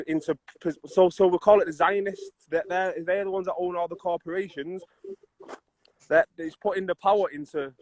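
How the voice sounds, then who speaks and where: Man, podcast guest, earnest, halting, slightly high voice, dry sound. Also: dry recording, low-quality recording. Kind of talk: earnest conversational explaining.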